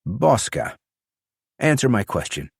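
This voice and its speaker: A man voicing a calm, confident young male warrior who speaks firmly and levelly. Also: mid-range voice, slow pace, vocal fry, husky, no echo, studio quality, pitched above the performer's own voice, full character voice.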